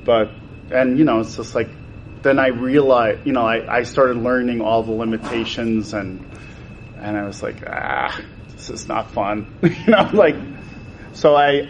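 Toy designer guest, a man with a mid-range voice, animated storyteller who acts out the quotes. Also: mid-range voice, a little hiss or hum, rough recording. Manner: acts out quoted exchanges with voice changes.

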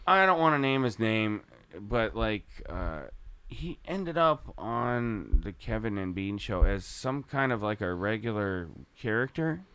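A man's voice: fairly low pitch, big pitch swings, a little slow, a bit bright, smooth, no echo. Laid-back, laughing male musician guest. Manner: laid-back, laughs often, swears casually. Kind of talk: casual podcast chat.

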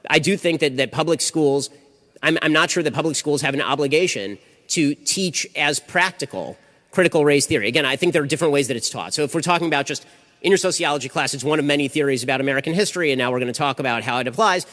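A man answering audience questions in a rapid-fire, argumentative way, with frequent restarts. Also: fairly high pitch, a bit bright. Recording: reverberant hall.

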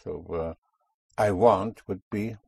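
A man's voice: deep voice, takes it slowly, creaky, dark tone, husky, no echo, clean studio sound. A man teaching a language class, patiently drilling words and correcting pronunciation.

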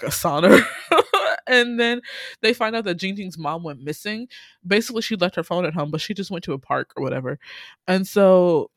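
A woman in casual chat, telling a drama's plot with lots of "like" and acting out the quotes with big jumps in pitch. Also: dry recording, clean studio sound.

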